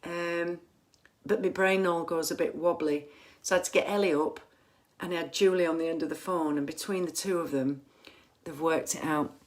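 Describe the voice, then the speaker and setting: A woman's voice: fairly low pitch, fairly even intonation, normal speed. Woman, casual livestream chat, phone camera, chatty, rambling, fillers and restarts, home. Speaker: musician hosting a fan livestream.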